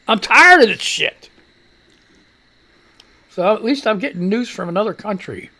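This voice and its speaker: This live talk show host speaks at normal speed in a high-pitched voice, pausing often. He rambles casually, runs through news headlines with blunt commentary, swears without restraint, and chats to his cat, all in an animated manner.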